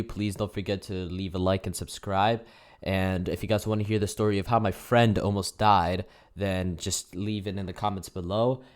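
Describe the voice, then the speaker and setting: A teenage boy telling a story in a casual, swearing way, laughing as he goes. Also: lowish voice. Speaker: gaming youtuber. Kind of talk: storytime narration over gameplay.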